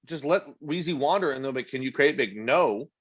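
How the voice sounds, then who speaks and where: Teasing man with a lively voice. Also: mid-range voice. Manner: teasing, quick to laugh along. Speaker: podcast co-host. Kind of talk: casual chat.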